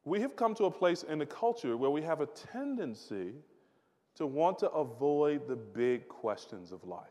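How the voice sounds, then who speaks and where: A man's voice: a little high, big pitch swings, moderate pace, a little mellow. A male pastor giving a conversational sermon, often repeating words and asking the audience questions. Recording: long reverb of a large hall.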